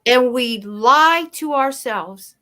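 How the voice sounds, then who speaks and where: Brief: woman guest, bright higher voice, storytelling, emphatic, video call. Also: lively intonation, takes it slowly. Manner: emphatic, storytelling, shifts pace for effect. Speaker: guest speaker. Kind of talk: motivational interview talk.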